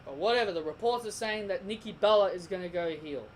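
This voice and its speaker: A man's voice: high-pitched, fast talker, a little hiss or hum, low-quality recording. A young man giving a heated, opinionated commentary rant as a vlogger, repeating himself and restarting sentences. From Australia. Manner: heated, repetitive, stumbling restarts. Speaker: wrestling vlogger.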